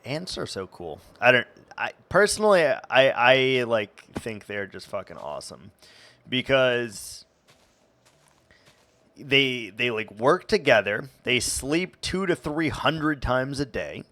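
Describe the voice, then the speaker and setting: A man's voice: mid-range voice, very animated, slow pace, bright, forceful tone. A young man streaming a game, chatting casually and rambling with stumbles and restarts. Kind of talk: casual gameplay chat.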